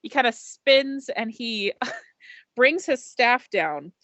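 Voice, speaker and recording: A woman's voice: on the high side, animated, fairly bright tone, no echo. Giggly young woman running a tabletop game. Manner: giggly, halting with many ums. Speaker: dungeon master.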